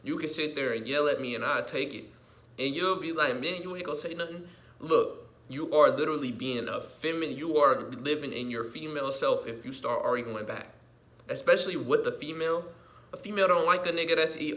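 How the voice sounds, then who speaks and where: A man with a mid-range voice vents in a profane, unplanned vlog rant, circling back over the same things while his delivery swings from muttering to yelling.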